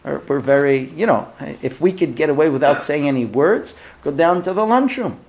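A middle-aged rabbi teaches a recurring class in a lively, humorous lecture, acting out the quoted lines as he tells funny stories. His voice sits on the high side and moves briskly, with slight background noise.

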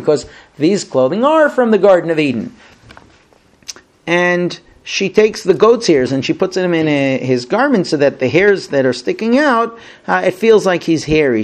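A man teaching a Torah lesson, retelling the story in an animated way and voicing the people he quotes. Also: high-pitched. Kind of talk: sermon-style Bible storytelling.

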